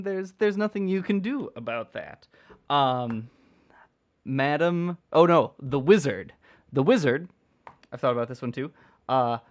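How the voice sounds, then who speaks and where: Rambling, playful man chatting casually. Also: mid-range voice. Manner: rambling and playful, often restarting sentences. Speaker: channel host answering viewer questions. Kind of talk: casual unedited livestream chat.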